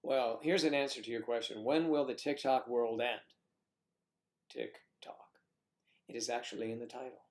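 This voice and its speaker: A man's voice: mid-range voice, brisk, hardly any pauses. A man hosting a casual livestream, chatting with viewers and making playful puns, sometimes dropping into a whisper. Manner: playful, punning, drops into whispers. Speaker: livestream host. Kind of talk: casual chat reading viewer comments.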